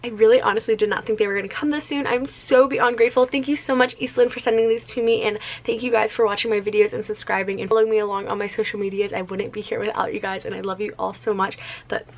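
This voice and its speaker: A woman's voice: medium pitch, fairly even intonation, quick pace, hardly any pauses. A young woman chatting casually to camera in a vlog, bubbly and gushing, often saying "you guys" and "like". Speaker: vlogger.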